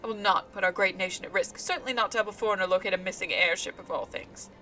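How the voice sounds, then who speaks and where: A woman's voice: mid-range voice, fast, pushed and bright, faint music behind, lightly acted, rough recording. A woman reading out a proud, dismissive chief astrologian in her own plain voice. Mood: indignant. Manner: indignant, formal, plain reading voice.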